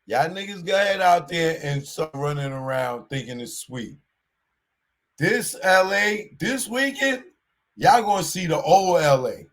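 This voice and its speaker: A man hosting a show, giving a casual commentary monologue in animated street talk and repeating his warnings. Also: on the high side, a little slow. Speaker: show host.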